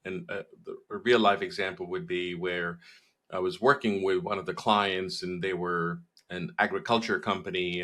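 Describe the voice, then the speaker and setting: A man, a marketing guest in an interview, giving measured advice with frequent fillers. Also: low-pitched, pushed and bright.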